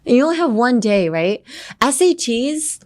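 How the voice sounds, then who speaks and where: A woman's voice: a little high, very animated, normal speed. Woman, podcast English teacher, playful and teasing, bilingual asides. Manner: playful, teasing, laughs often; switches between English and Japanese.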